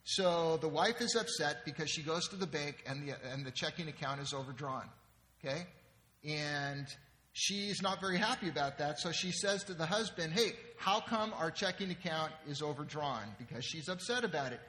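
Bright-voiced pastor in a reverberant hall. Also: male voice, on the high side, moderate pace, a little hiss or hum. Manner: conversational, checks in with the audience. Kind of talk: sermon. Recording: long reverb in a large hall.

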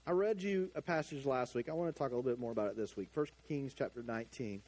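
A middle-aged man preaching a sermon, animated, swinging from hushed asides to loud emphatic lines. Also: medium pitch, quick pace. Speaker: pastor.

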